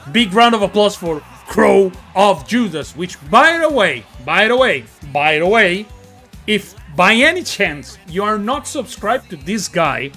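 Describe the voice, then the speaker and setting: A man with an Italian accent hosts and commentates a wrestling show in a high, pushed, bright voice. He jokes around, reads chat names aloud, and hypes the ring entrances.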